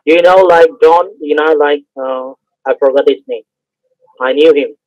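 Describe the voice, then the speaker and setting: A man with an Indian accent speaks haltingly over a dull, dry phone line, leaning on fillers as he searches for words. His voice sits a touch high for a man. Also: darkish tone, no echo. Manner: hesitant, full of fillers. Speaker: phone scammer. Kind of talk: phone call.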